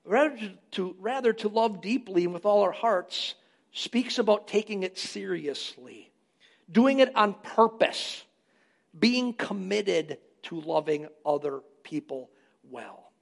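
A man preaching from the pulpit in a church, his voice pitched high with a gravelly rasp. He drives key lines hard and loud, then drops back to a conversational tone. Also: animated, slow. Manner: emphatic preaching, rising loud on key phrases. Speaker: pastor. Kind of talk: sermon.

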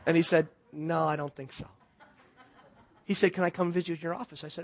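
In a sermon, a middle-aged male pastor tells a story alternating between loud, excited stretches and quiet, intense ones. His voice is on the high side, and he talks fast but leaves long pauses.

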